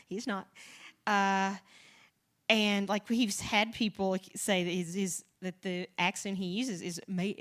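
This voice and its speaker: A woman's voice: medium pitch, steady tone, unhurried, fairly bright tone. A woman from the Southern United States, a podcast co-creator, talking as an interview guest in a rambling, chatty way, with frequent restarts and light laughs. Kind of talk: casual conversational interview.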